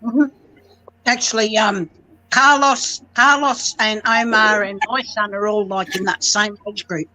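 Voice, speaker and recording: A woman's voice: mid-range voice, fairly even intonation, measured pace, bright, forceful tone, low-quality recording. A middle-aged woman in a casual group chat, telling wry joking anecdotes.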